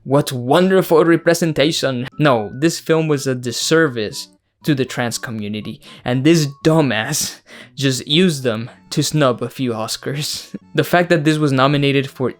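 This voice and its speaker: A man delivers a scathing, foul-mouthed film review to his viewers. His voice sits at an ordinary middle pitch, and he keeps breaking into mocking laughter. Faint music plays behind him. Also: unhurried. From Mexico. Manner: blunt, profane, mocking, laughs often. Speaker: YouTube host. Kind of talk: casual film review rant.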